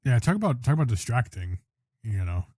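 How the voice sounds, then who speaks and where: A man's voice: medium pitch, big pitch swings, brisk, dark tone, slightly rough, no room sound. A man co-hosting a casual podcast chat, talking in a chatty, agreeable way with lots of "you know" and "like.". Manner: chatty, filler-heavy, agreeable. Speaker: podcast co-host.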